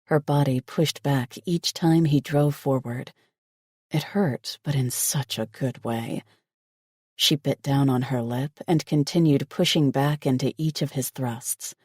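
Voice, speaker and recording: Slow, steady male audiobook narrator. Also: medium pitch, husky, no echo, studio quality. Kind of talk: scripted narration.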